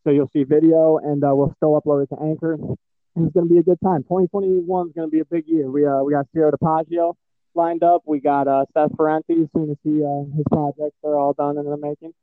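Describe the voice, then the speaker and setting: Midwest guy rambling on his podcast, swears a lot, kinda high voice, dull dry lo-fi sound. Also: little pitch movement, fast, no room sound. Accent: Midwestern American. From Michigan. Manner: rambling and profane, with frequent fillers. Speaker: podcast host. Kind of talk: casual chat.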